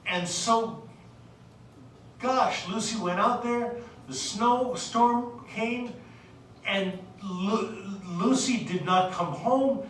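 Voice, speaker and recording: Slow, echoey woman lecturing on poems. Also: mid-range voice, slight background noise. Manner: unhurried, hesitant with many fillers, reads poetry aloud. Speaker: literature lecturer. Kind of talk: recorded lecture. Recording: very echoey room, distant mic.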